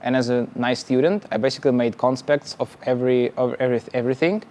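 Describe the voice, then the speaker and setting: A young man from Russia, a startup founder telling his story casually in halting, English. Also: mid-range voice, a little mellow. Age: young adult. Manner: halting, many restarts and laughs, plain non-native phrasing.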